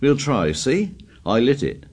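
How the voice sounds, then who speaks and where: A man voicing an anxious, stubborn schoolboy who speaks in a shrill, insistent, pleading way. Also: big pitch swings, unhurried, darkish tone. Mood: anxious coaxing.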